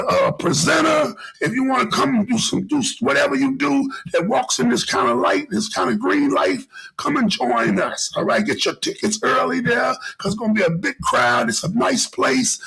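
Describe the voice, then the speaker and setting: A middle-aged man hosting a podcast, talking in an animated, preachy way with lots of repetition. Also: very high-pitched, creaky, slightly rough, low-quality recording. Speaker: podcast host. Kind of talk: casual podcast monologue.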